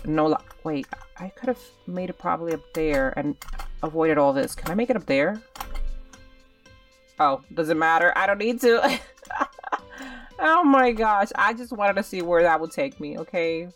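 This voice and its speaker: A woman's voice: lowish voice, animated, a little slow, a bit bright, distant mic, soft background music. A young woman doing casual game commentary, chatty and dramatic, talking straight to her viewers while she plays. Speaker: gaming channel host.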